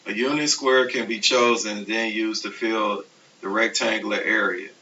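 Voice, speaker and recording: A man teaching a recorded math lecture, explaining steps slowly and methodically. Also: on the low side. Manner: steady, methodical explaining, self-correcting. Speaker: math instructor. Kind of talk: recorded lecture over slides. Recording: distant, dull, hissy classroom recording.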